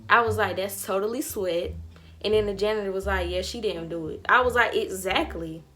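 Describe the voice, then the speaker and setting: A woman's voice: medium pitch, fairly quick, soft background music. A young woman tells a storytime to her camera, casual and slangy. She throws herself into acting out the voices of the people in the story. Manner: animated storytelling, slangy, acts out dialogue. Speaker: vlogger.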